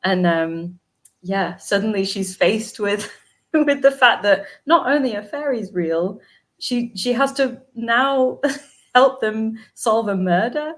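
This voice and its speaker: A woman's voice: fairly high pitch, takes it slowly. A woman, an artist guest in an interview, talking hesitantly with many fillers and frequent laughs. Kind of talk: casual interview chat.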